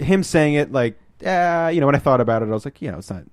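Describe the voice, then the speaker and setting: A man hosting a podcast in casual chat, rambling through a film plot and acting out the lines in quick put-on voices. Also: medium pitch, lively intonation, smooth, no room sound, clean studio sound. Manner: rambling retelling, acts out quotes in shifting voices. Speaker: podcast host.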